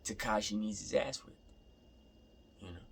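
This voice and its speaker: A man's voice: fairly low pitch, normal speed, creaky, slight background noise. A young man in a casual, rambling rant, repeating himself and swearing freely. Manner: rambling, repeats himself, profane, laughing asides.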